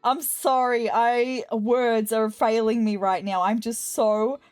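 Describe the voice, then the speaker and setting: Woman, let's-play commentary, fairly high voice, excitable, gushing, faint game music behind. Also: takes it slowly, clean tone, dry recording. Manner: excitable, gushing, apologetic asides. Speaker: gaming video host.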